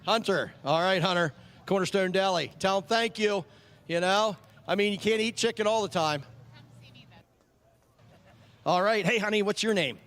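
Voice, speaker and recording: High-voiced friendly chaplain at a speedway. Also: male voice, normal speed, pauses often, fairly bright tone. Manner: friendly, joking, repeating names back. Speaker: track chaplain handing out ice cream vouchers. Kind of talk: casual chat with kids over a PA. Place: outdoors at a speedway.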